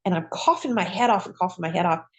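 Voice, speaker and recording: A woman, a retired nurse, telling her own patient story in a lively, folksy conversational way. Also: fairly low pitch, quick pace. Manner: lively, acts out voices in quoted dialogue. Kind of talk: personal storytelling.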